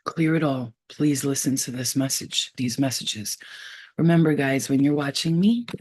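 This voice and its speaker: A woman with a husky, breathy voice reads for her viewers, talking straight to the camera. She is streetwise and swears freely, and she repeats herself for emphasis. She halts and trails off as she tries out half-heard names. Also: a bass voice, a little mellow. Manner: casual, blunt and profane, with emphatic repetition; halting, trailing off while sounding out names. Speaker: psychic reader. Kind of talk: spiritual reading to camera.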